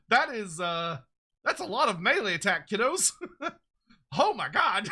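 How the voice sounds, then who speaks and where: A man streaming a casual reaction, excitable and quick to laugh and swear. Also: sits high.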